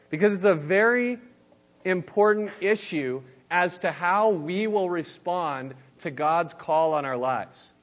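A man's voice: on the high side, fairly bright tone. Easygoing young man preaching, muffled sound. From New Mexico. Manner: easygoing, self-deprecating storytelling. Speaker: youth pastor, guest speaker. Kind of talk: casual youth sermon.

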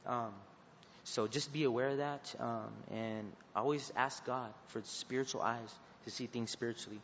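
A man's voice: mid-range voice, steady tone, fairly bright tone, a little hiss or hum. Earnest male youth preacher in a big hall. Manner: halting, many fillers and restarts, earnest. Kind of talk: informal sermon and prayer. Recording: dull recording with long reverb.

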